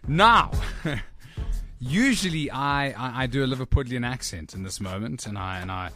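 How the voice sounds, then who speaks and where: A man hosting a casual radio show, playful and quick to laugh at himself. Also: mid-range voice, lively intonation, pushed and bright, soft background music. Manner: playful, laughing, self-mocking. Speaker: radio host.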